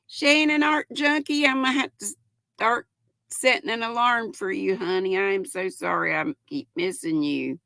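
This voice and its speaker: Gravelly older woman greeting chat. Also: mid-range voice, moderate pace, bright, forceful tone, no echo. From North Carolina. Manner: affectionate greetings, calls viewers honey and sweetheart. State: voice cracking. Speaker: livestream host. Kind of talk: casual livestream chat reading comments.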